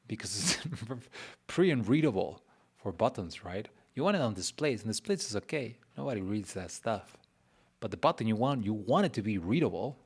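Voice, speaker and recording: A man's voice: lowish voice, slightly rough. A man streaming a casual design walkthrough who chats and mutters to himself, teasing himself along the way. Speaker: web designer streaming his work.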